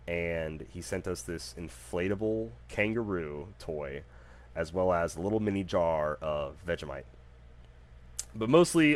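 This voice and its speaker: A man hosting his own podcast, telling stories in a casual, animated, jokey way with plenty of fillers. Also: low-pitched. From United States. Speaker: podcast host. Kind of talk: casual solo podcast storytelling.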